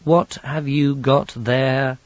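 A man's voice: a little high, sing-song, unhurried, gravelly, breathy edge, dry recording, lo-fi sound, voice pushed up, full character voice. A man voicing a stern, weary young woman in an audiobook, clipped and wry. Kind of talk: audiobook character voice.

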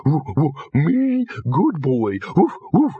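A big, dim, overjoyed young dog, as a male storybook narrator puts him on, gushing breathlessly in a voice pitched well up. The recording is dry and slightly dull. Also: huge pitch swings, slow, husky, no room sound, full character voice. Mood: eager.

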